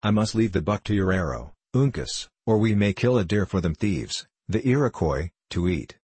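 A man's voice: low voice, lively intonation, moderate pace, darkish tone, husky, no echo. A man reading a boastful frontier scout. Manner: folksy old-fashioned speech. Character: seasoned frontier scout, middle-aged, boastful and shrewd. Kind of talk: audiobook character reading.

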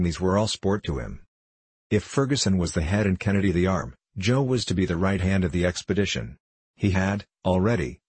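A man with a deep, husky voice narrates an old adventure novel. His delivery is measured and formal, and the recording is close and dry with no room sound. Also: no echo. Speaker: audiobook narrator. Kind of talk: scripted narration.

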